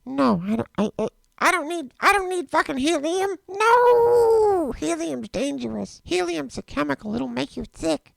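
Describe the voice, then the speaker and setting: A squeaky foul-mouthed Bobby. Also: male voice, big pitch swings, measured pace, creaky, a little hiss or hum, heavily acted. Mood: bratty. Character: cussing nine-year-old cartoon boy.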